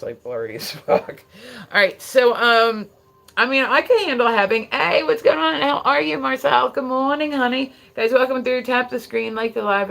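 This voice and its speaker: Gravelly, rambling streamer with a New Jersey accent. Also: medium pitch, fairly bright tone. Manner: rambling, profane, tangent-prone. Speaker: live streamer. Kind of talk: casual rambling live-stream chat.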